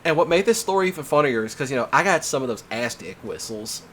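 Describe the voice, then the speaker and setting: Animated man, bright lively voice. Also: medium pitch, fast, a little hiss or hum. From Mississippi. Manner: animated, laughs often, swears freely. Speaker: host. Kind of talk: casual storytelling chat.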